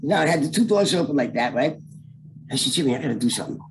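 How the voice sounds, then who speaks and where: Talking at a quick pace in a mid-range voice, this middle-aged storyteller guest is heard against a noisy background. He narrates casually and streetwise, animatedly acting out the voices in his tale.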